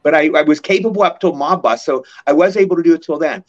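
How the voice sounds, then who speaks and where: A man in his sixties, a guest actor in a casual interview, telling animated stories and acting out the people he quotes. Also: a little high, fast. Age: 60s. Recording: muffled lo-fi audio.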